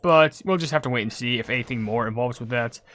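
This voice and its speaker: A man doing casual gaming commentary, rambling with lots of "like" and "you know", turning loud and excited over game pulls. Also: mid-range voice, fast talker. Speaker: gaming YouTuber.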